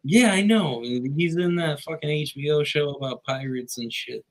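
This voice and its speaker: A man casually chatting with his co-host, halting and restarting, playing along with the bits. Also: fairly high pitch, low-quality recording. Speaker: podcast co-host. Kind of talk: casual chat.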